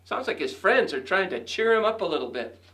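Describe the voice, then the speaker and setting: A male educator hosting and reading a children's story aloud, chatting gently to the kids between pages. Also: high-pitched, big pitch swings, brisk.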